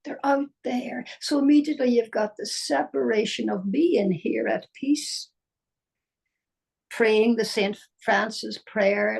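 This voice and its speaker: An older woman giving a slow, musing spiritual talk, dropping at times into soft whispers. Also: on the high side, creaky, slightly rough. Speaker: spiritual teacher. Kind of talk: reflective spoken talk.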